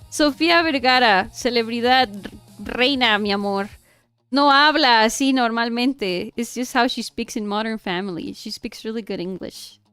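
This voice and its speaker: A woman's voice: a little high, a bit bright, clean tone, no echo. A young woman from Mexico with a Mexican accent, chatting casually while she draws on a stream, giggling often and mixing English with Spanish. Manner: bubbly, giggly, switching between English and Spanish. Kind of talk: casual chat while drawing.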